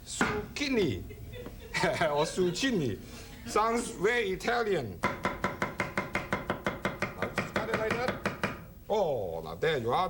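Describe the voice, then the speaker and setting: High, lively man hosting a cooking show. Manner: playful, jokey, chatty. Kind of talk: cooking demonstration. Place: studio kitchen. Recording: kitchen clatter and chopping noise.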